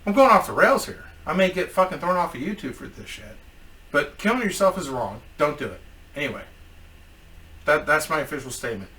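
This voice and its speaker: Vlogger man, sharp piercing voice, a bit high, cursing and rambling, mic set back. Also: big pitch swings, a little fast, distant mic. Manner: profane and rambling. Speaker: YouTuber. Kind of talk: casual storytelling vlog.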